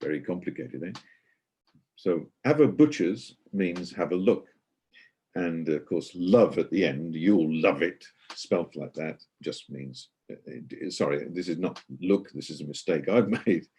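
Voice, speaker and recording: A man's voice: sits low, animated, unhurried, warm tone, breathy edge. A middle-aged man giving an online guided tour, chatty and explanatory, with many hesitations and fillers.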